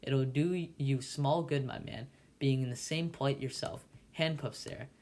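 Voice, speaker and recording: A man voicing a gruff army sergeant who gives curt orders. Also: medium pitch, measured pace, a little mellow, lightly acted. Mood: commanding. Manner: curt, commanding.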